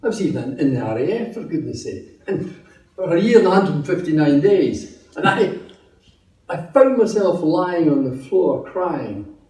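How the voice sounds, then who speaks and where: A man's voice: a little high, very animated, normal speed, mellow, recorded from a distance. Scottish man telling his story in an echoey room. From Scotland. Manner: chatty, humorous storytelling. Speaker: testimony speaker. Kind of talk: personal testimony at a meeting.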